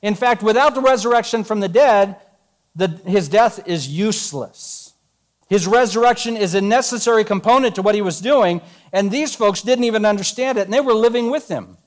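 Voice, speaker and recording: A man's voice: sits high, moderate pace. A man preaching a sermon as a pastor, conversational and joking as he retells scripture in everyday words.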